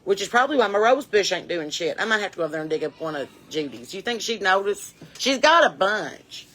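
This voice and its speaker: Bright-voiced woman rambling on a porch. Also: medium pitch, very animated, a little fast. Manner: chatty, folksy, rambling and sassy. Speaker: comedian and musician. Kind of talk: rambling comic monologue to camera. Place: outdoors on a home porch.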